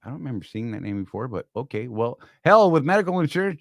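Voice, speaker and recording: A man in his fifties hosts a live show, rambling and self-mocking in a loose, joking way. The room sounds dead and close, with no echo at all. His pitch sits squarely in the middle. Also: expressive, quick pace, gravelly. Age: 50s. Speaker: podcast host. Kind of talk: casual live-stream chat.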